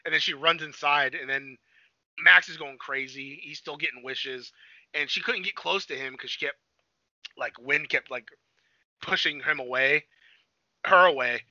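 A man with a slightly high voice co-hosts a movie review podcast, rambling through the plot in casual chat packed with "like" and animated quoted voices. He talks at a moderate pace and pauses often. The recording is dry, with no echo, and sounds a bit dull and lo-fi.

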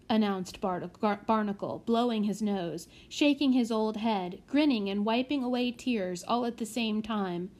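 A woman narrating a children's audiobook in a measured way. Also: medium pitch, darkish tone. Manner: measured, with small slips corrected.

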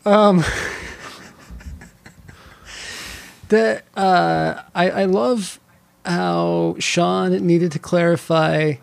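A man's voice: high-pitched, fairly even intonation, drawn-out words, gravelly, dry recording. A man in his thirties from California, rambling as a podcast co-host with many restarts. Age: 30s. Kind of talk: casual podcast chat.

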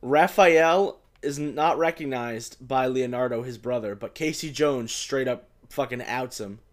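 A man in his twenties co-hosting a casual chat, animated and swearing, acting out quotes. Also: medium pitch, measured pace. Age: 20s. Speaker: podcast co-host.

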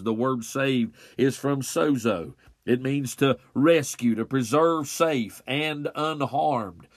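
A man preaching an expository sermon in a slow, deliberate way with emphatic pauses. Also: mid-range voice, dry recording.

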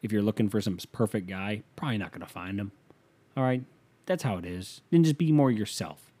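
A man's voice: lowish voice, a little fast, warm tone. Rambling young man reading a listener letter. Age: 20s. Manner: rambling, profane, joking asides. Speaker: podcast host.

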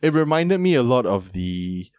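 A man's voice: mid-range voice, sing-song, normal speed, darkish tone, clear, resonant tone, no room sound. Jokey male podcast host, dry mic. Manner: jokey, laughs often, puts on silly voices. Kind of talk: casual chat.

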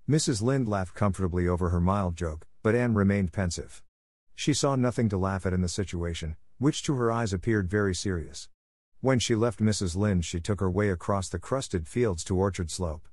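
Man narrating a storybook, lowish voice, dry close sound, calm and measured. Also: no room sound. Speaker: audiobook reader.

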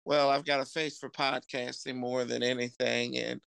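A man's voice: medium pitch, level tone, moderate pace, gravelly, fairly bright tone, clean tone, dry recording. A man appearing as a podcast guest, laid-back and rambling, with lots of filler words. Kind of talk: casual podcast chat.

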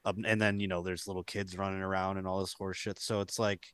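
A man's voice: sits low, flat delivery, quick pace, a bit bright, clear, resonant tone. A man co-hosting a podcast in loose, profane, rambling casual chat, often acting out quotes. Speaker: podcast co-host.

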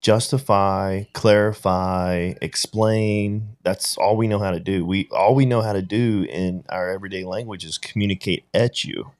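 A man's voice: deep voice, steady tone, normal speed, hardly any pauses, darkish tone. A man in casual podcast conversation, telling a reflective story and often checking in with "right?". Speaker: podcast guest or co-host.

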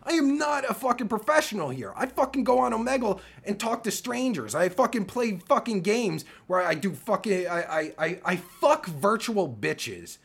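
A man's voice: high voice, expressive, normal speed, vocal fry, hardly any pauses, fairly bright tone, slightly rough. A man ranting angrily on a live stream, swearing constantly and restarting his sentences. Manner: profane, heated, stammering restarts. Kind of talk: angry rant on a live stream.

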